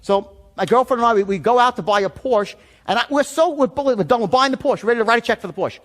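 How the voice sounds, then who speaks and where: A man's voice: extremely high pitch, fast talker, a bit bright. A middle-aged man teaching sales in a blunt, profane seminar storytelling style. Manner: blunt, swearing, emphatic. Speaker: sales trainer.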